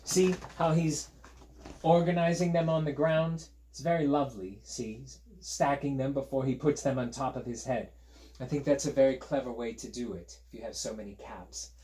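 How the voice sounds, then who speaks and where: A man's voice: mid-range voice, fairly even intonation, normal speed, warm tone. A male teacher reading a picture book aloud to children in a playful, chatty way and inviting them to join in. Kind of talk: storytime read-aloud for children.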